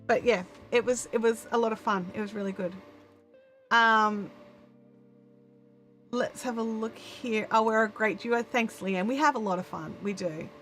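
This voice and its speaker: A woman's voice: fairly high pitch, measured pace, fairly bright tone, soft background music. A woman with an Australian accent hosting a live stream, chatting casually to viewers in a rambling way with lots of restarts, on a good microphone. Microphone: good studio microphone.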